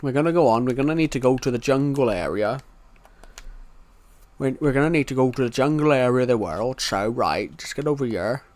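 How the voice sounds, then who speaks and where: A man's voice: mid-range voice, lively intonation, a little fast, a little mellow. Rambling British man streaming a game. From United Kingdom. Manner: rambling, repeats himself, narrates each move. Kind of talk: live gameplay commentary.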